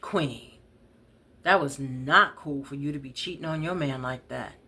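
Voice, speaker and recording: A woman voicing a loud, blunt woman friend who scolds in a high, brassy voice. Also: unhurried, breathy edge, heavily acted. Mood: scolding.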